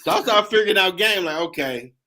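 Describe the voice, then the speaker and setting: Man, high bright voice, animated laughing storyteller. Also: fairly quick. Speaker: host. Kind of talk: casual storytelling chat.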